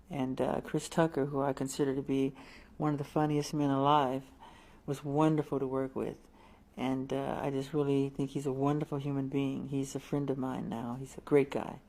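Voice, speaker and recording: Soft, flat-toned male singer, gentle and measured in interview. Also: medium pitch. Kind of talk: interview answer.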